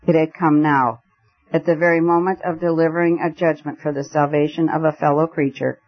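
A man reading a story aloud in a measured, expressive narration. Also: a little high. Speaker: audiobook narrator. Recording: dull lo-fi recording.

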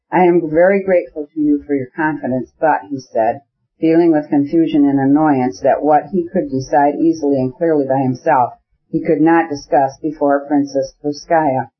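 A male narrator reading a classic novel in a measured, even way. His voice sits somewhat high for a man. The recording is dull and lo-fi. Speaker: audiobook narrator. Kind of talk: scripted narration.

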